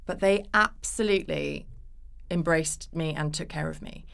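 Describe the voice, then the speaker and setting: Her voice low-pitched and creaky, an actress speaks a little slowly as a guest on a relaxed podcast interview. She tells stories animatedly, putting on voices for the people she quotes.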